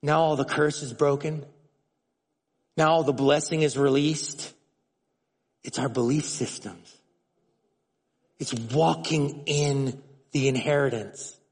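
A man preaching a sermon in an animated way, often restarting words and swinging between loud, emphatic lines and hushed ones. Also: a little high, slow pace, long pauses, husky, big-room sound. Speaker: pastor.

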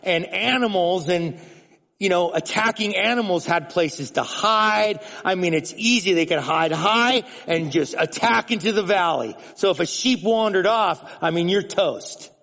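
A man preaching a sermon in an animated way, often restarting words and swinging between loud, emphatic lines and hushed ones. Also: sits high, a little slow, vocal fry, in a large hall. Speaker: pastor.

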